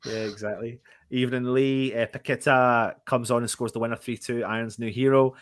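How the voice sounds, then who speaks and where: A man hosts a live fan stream and reads out chat comments between his own takes. His voice is mid-pitched and sounds close and dry, with barely any room around it. He talks loosely and breaks into laughter now and then. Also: steady tone, a little fast, no room sound. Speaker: fan channel host.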